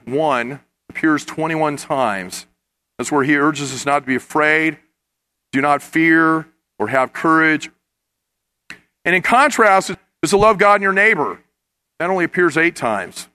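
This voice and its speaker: A man's voice: a little high, bright, forceful tone. A man preaching a sermon, earnest and rising to impassioned emphasis as he addresses his listeners. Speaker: pastor.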